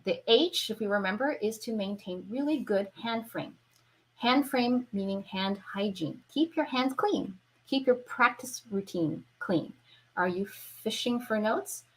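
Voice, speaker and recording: A woman's voice: medium pitch, a little slow, low-quality recording. A woman teaching an online violin lesson, who explains patiently and keeps checking in with her viewers. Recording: violin playing between phrases.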